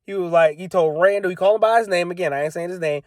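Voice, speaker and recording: Young man, slightly high voice, dry close sound, casual venting story. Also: rapid-fire, darkish tone, dry recording. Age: young adult. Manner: exasperated, repetitive, emphatic. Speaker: vlogger.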